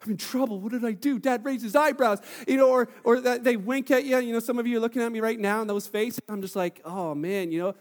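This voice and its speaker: High-voiced pastor preaching in a reverberant hall. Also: male voice, quick pace, few pauses. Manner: animated storytelling, acting out quoted voices. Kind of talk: sermon. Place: church hall.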